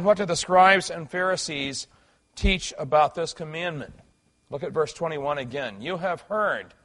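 Middle-aged male pastor, slightly higher voice, earnest, emphatic sermon delivery with small restarts. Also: fairly bright tone.

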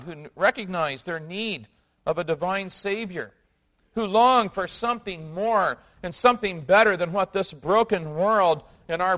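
Man, pastor giving a sermon, slightly higher voice, earnest, asks questions of the congregation, phrase endings sink soft. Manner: earnest, asks rhetorical questions, drops to quiet at phrase ends.

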